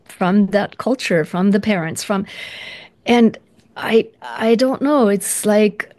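A woman's voice: medium pitch, slow pace, darkish tone. A woman guest in an interview, talking earnestly and reflectively, often restarting her sentences. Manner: earnest, searching, many restarts.

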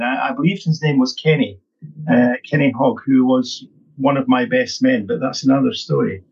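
A middle-aged training consultant answers interview questions, upbeat and emphatic, often repeating words. His medium-pitched voice is a little mellow with a breathy edge and a moderate pace, heard through dull lo-fi sound.

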